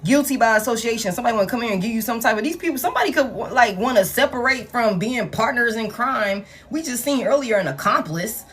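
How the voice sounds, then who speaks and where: A woman, giving a live tarot reading in blunt, profane, animated street talk. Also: fairly high pitch, quick pace, few pauses, husky. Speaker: tarot reader.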